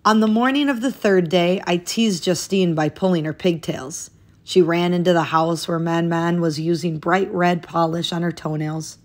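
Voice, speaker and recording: A woman's voice: on the low side, steady tone, moderate pace. A woman reading a children's picture book aloud, lifting her voice expressively as each new day in the story begins.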